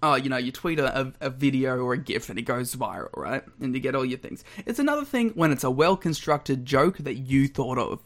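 A man, co-hosting a podcast in casual chat, lively and quick to laugh as he rambles through stories. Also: mid-range voice. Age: 20s. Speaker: podcast co-host.

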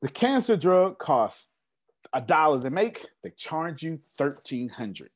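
A man's voice: fairly high pitch, sing-song, takes it slowly. A man giving a business seminar to a live audience, emphatic and repetitive, often asking the crowd rhetorical questions. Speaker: business coach.

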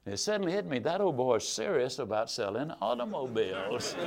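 A man's voice: high-pitched, fairly bright tone. A man telling a humorous, folksy story as a sales lesson. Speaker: motivational sales speaker.

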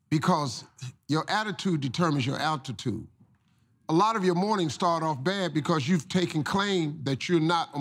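A man's voice: on the high side, slightly rough. A middle-aged man telling a folksy, preachy motivational story. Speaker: guest storyteller.

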